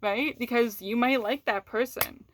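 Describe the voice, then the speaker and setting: A woman's voice: on the high side, a little slow, no room sound. Woman vlogger, casual candid chat, swears freely, frequent restarts, dry close sound. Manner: frank and profane, restarts often, laughs between words. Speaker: vlogger talking to her audience.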